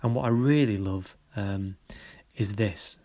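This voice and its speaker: A man with a fairly low voice talks through students' photographs as a workshop leader. He is encouraging and warm in his praise. He stops often to search for the right word. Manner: encouraging, halting with many pauses. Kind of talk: recorded feedback on students' photos.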